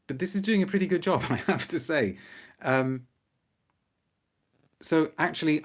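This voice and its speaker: A middle-aged man hosting an unscripted live-stream review, chatty and animated, reacting to viewer comments. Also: mid-range voice. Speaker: perfume reviewer, show host.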